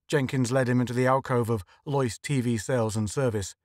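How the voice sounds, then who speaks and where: A man's voice: medium pitch, fairly even intonation, fairly quick, few pauses, a little mellow, dry recording. Man narrating a story, dry close sound. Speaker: audiobook narrator. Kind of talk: scripted narration.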